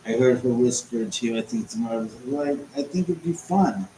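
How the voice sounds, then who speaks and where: A man hosting a live stream from his home, chatting and rambling as he answers viewers' comments out loud. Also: mid-range voice, moderate pace. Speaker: host. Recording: roomy echo, faint background noise.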